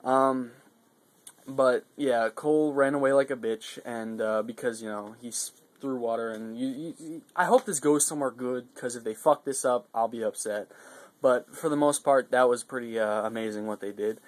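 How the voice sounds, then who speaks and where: A man's voice: medium pitch, moderate pace. A man giving a casual, rambling video recap, swearing often and getting worked up between fillers and restarts. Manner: profane, excitable, rambling with fillers. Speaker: vlogger reviewing a wrestling show.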